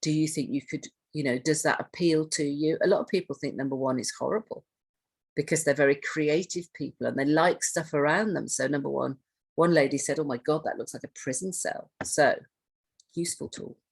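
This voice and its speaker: A woman with a low, husky voice gives a training talk. She speaks conversationally, puts questions to her listeners and often starts a phrase over. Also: brisk. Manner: conversational, asks the audience questions, restarts phrases. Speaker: trainer on hoarding and self-neglect. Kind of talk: training presentation.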